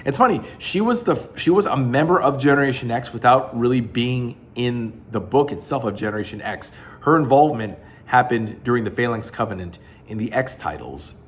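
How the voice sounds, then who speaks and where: A man's voice: mid-range voice, lively intonation, a little fast, few pauses. A man giving a casual, rambling spoken review of a comic book collection, blunt and full of fillers and restarts.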